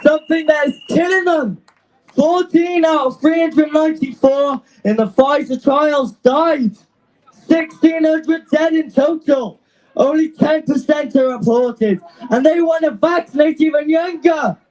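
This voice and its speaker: A young man, a student activist, giving an impassioned, defiant speech to an outdoor rally, shouting and out of breath. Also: very high voice, unhurried, poor audio. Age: young adult.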